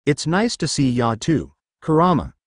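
A man voicing a brash, cheerful young male hero in a storybook reading, with a loud, brash manner. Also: on the high side, big pitch swings, normal speed, no echo, studio quality. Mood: determined.

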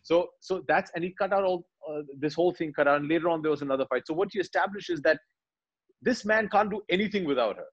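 A man, animatedly retelling film scenes in an interview and quietly acting out the lines. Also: fairly high pitch, fast, dull audio. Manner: animated storyteller, acts out dialogue lines quietly. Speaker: actor, interview guest.

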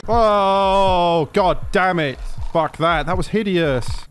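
A man's voice: sits high, slow, faint music behind. A young man giving casual, sarcastic gameplay commentary, swearing freely and yelping when startled. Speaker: gaming commentator.

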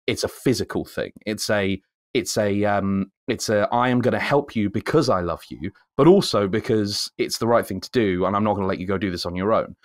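Brief: male co-host, lower voice, dry close sound, animated rant that jumps high when excited. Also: brisk, dry recording. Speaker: podcast co-host. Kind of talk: casual chat.

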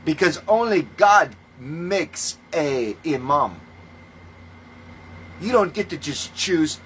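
A man preaching in a ranting monologue, scornful and full of swearing, moving between calm teaching and loud outbursts. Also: fairly high pitch, slow pace, a little hiss or hum, rough recording. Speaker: self-styled religious preacher.

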